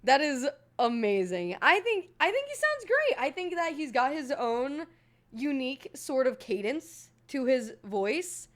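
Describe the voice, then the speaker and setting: A woman's voice: sits high, sing-song, unhurried. A woman streamer chatting casually while reacting to a video, playful, swearing and laughing a lot.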